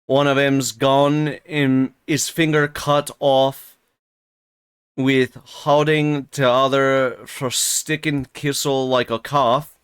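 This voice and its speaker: Old grumbling manservant, thick rural dialect, read by a man on stream, slow and halting, clear tone. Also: mid-range voice, level tone, no echo, close to an everyday voice. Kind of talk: reading a novel aloud on a live stream.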